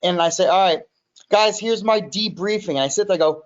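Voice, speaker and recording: A man, a guest on a business podcast, telling a story in an animated way, quoting himself and repeating words. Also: sits high, brisk, highs cut off. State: recovering in hospital. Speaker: podcast guest, music studio owner. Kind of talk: casual storytelling.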